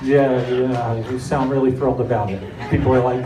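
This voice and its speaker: A middle-aged man from New Jersey doing a stand-up comedy set with deadpan, self-mocking storytelling. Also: medium pitch, a little fast, few pauses, far from the mic. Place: comedy club stage. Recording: echoey club with audience noise. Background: audience laughter.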